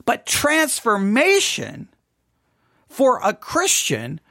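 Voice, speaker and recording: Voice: medium pitch, huge pitch swings, extremely slow, bright, forceful tone, dry recording, studio quality. A podcast host talking casually, rambling, repeating words and asking listeners rhetorical questions.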